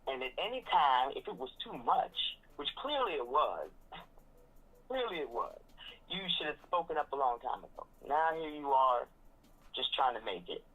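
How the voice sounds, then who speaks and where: A woman's voice: a bass voice, normal speed, phone-quality sound. Sassy woman dishing on reality TV. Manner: sassy, animated, mocking impressions. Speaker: reality TV commentator. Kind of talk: casual recap chat.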